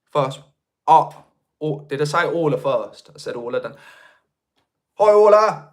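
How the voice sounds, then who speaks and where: A man's voice: medium pitch, normal speed. A young man with a Birmingham accent, hosting a casual livestream and chatting with viewers in a rambling way, full of restarts. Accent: Birmingham (Brummie). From Birmingham, England. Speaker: livestream host. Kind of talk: casual live chat reading viewer comments.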